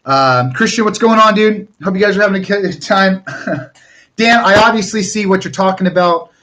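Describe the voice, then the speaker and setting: A man's voice: high-pitched, normal speed, pushed and bright. A young man from Northern California hosting a casual live stream, chatting loosely with viewers and often restarting his sentences. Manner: chatty, rambling, with frequent restarts.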